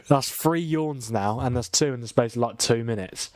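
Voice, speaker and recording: A man's voice: medium pitch, moderate pace, no room sound. Sleepy young guy doing late-night footy commentary, keeps yawning, dry close sound. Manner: tired, yawning, chatty with restarts. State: tired. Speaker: watchalong host. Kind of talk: casual live football commentary.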